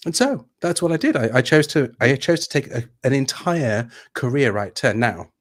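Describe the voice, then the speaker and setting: Reflective British coach on a video call. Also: male voice, mid-range voice, lively intonation, normal speed. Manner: thoughtful, hesitant restarts, storytelling. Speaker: guest, executive coach. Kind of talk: livestream interview.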